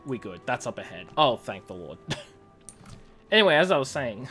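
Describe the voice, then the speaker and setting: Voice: mid-range voice, very animated, moderate pace, pushed and bright, faint music behind. A game streamer chatting casually while playing, joking and laughing often. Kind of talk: casual gameplay chat.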